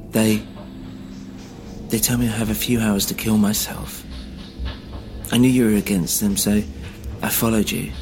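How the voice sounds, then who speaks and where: A man's voice: on the low side, noisy background. A man putting on a desperate German man. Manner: pleading, halting, urgent. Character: frightened, beaten German man, a confessed criminal.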